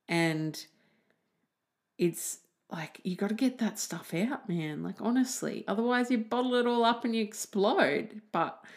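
A woman hosting a casual solo podcast, chatty and animated, swearing freely. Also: lowish voice. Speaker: podcast host.

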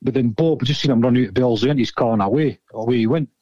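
A man's voice: medium pitch, fast, warm tone, no room sound, highs cut off. A Scottish man, a former footballer, telling rambling, sweary stories in casual chat. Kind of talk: casual storytelling.

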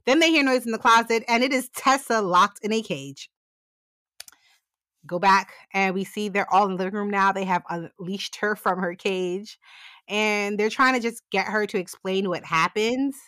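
A woman's voice: medium pitch, normal speed, bright, forceful tone, dry recording, clean studio sound. A woman co-hosting a podcast, giving a casual, sarcastic recap of an episode and swearing freely. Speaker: podcast co-host.

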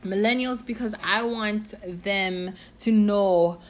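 A woman's voice: medium pitch, takes it slowly. A young woman hosting her own podcast, talking candidly and casually, full of fillers, restarts and swearing. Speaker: podcast host. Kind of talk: casual personal podcast talk.

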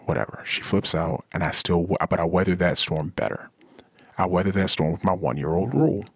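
Husky low-voiced man talking casually. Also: brisk, no room sound. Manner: animated, acts out quoted voices. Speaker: podcast host. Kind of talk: casual monologue.

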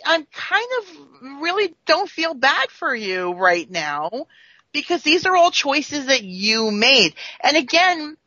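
Woman co-host, bright animated voice, unhurried, slightly dull lo-fi mic. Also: fairly high pitch, no room sound. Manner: laughing, animated, opinionated. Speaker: podcast co-host. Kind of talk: casual chat.

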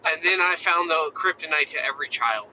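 A man in his thirties chatting casually, telling animated stories about his kids and acting out their voices. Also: fairly high pitch, brisk, highs cut off, a little hiss or hum. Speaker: father. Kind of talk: casual chat.

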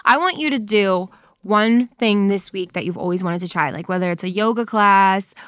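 A young woman co-hosting a casual podcast, playful and quick to laugh and tease. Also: mid-range voice, fairly bright tone, no room sound, studio quality. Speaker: podcast co-host. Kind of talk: casual chat.

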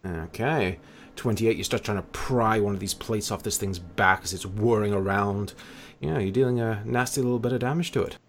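A man narrates a tabletop game as game master, describing the action in a relaxed way with the odd filler. His voice is low and gravelly. Faint noise hums in the background. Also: moderate pace.

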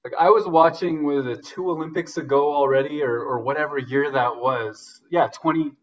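Excited man sports guest, dull lo-fi sound. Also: fairly high pitch, normal speed, far from the mic. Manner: enthusiastic, gets emotional, fillers like "like" and "um". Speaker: podcast guest, sports reporter. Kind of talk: casual sports chat.

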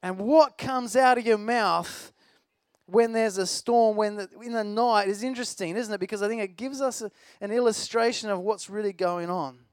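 A man's voice: high voice, moderate pace, clear, resonant tone, dry recording. A man preaching a sermon in a conversational, storytelling way, with a self-deprecating personal anecdote.

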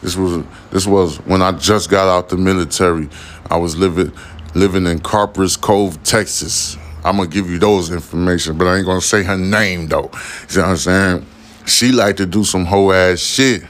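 Profane, rambling man with a low voice. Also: moderate pace, fairly bright tone. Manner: profane, rambling, streetwise slang. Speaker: podcast host. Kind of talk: casual monologue.

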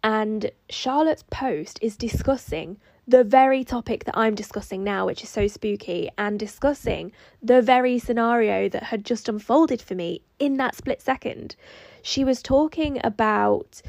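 A woman's voice: a little high, a little slow, gravelly, a little mellow, dry recording. A woman hosting a solo podcast, telling a personal story in a reflective, rambling way that includes her own inner dialogue. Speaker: podcast host.

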